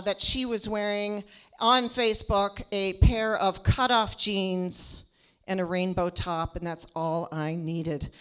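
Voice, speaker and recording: A high-pitched woman performs a stand-up set, loud and animated. She tells her story on a live comedy stage into a handheld mic. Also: clean tone.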